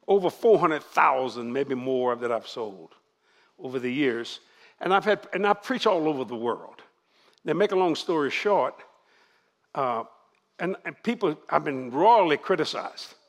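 A man's voice: fairly high pitch, very animated, measured pace, long pauses. An older man preaching to a congregation, joking and laughing as he goes. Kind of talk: church sermon.

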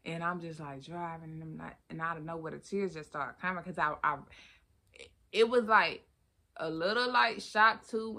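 Brief: woman host, low-ish bright voice, chatty motivational vlog talk. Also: vocal fry. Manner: chatty, expressive, loose with restarts and asides.

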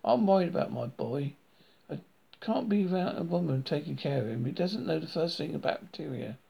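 A man doing a shrill Irish auntie. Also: lively intonation, brisk, creaky, husky, lo-fi sound, exaggerated voice. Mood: fretful. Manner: shrill screeching nagging. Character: fussy worried middle-aged Irish aunt.

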